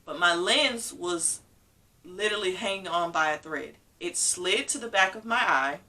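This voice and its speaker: A woman vlogger tells a personal story candidly, her feelings close to the surface as she acts out what was said to her. Her voice is bright and forward. She sits a little back from the mic. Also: lowish voice, normal speed, distant mic. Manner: candid, emotional storytelling with acted-out quotes.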